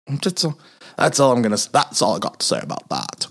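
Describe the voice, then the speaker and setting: A man's voice: medium pitch, huge pitch swings, fairly quick, creaky, a bit bright. A middle-aged man hosting a casual sports monologue, rambling with restarts and self-mocking laughs, sounding tired and grumpy. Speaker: sports podcast host.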